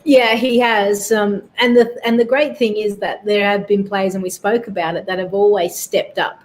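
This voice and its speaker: A woman giving relaxed cricket analysis on a talk show. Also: medium pitch. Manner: easygoing, measured, with fillers. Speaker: cricket pundit.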